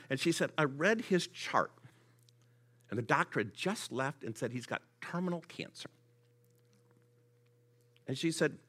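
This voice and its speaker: Man, sermon, fairly high voice, very animated pitch, repeats words like "and, and". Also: husky. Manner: repeats words when excited. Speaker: church speaker for the Gideons. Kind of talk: sermon with storytelling.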